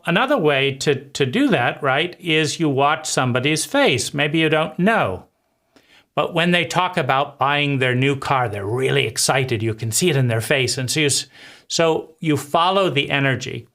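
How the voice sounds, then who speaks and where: A man gives a spoken lesson on conversation skills at an unhurried, measured pace. His voice sits a little high for a man. He circles back over his points and checks in with the listener as he goes. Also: sharp tone. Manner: slow, deliberate, repeats phrases and asks "right?". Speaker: life coach.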